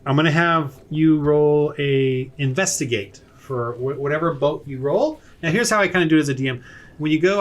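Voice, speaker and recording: Game master with a high voice, faint hiss. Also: male voice. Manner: relaxed, hesitant with fillers. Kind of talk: running a tabletop game online.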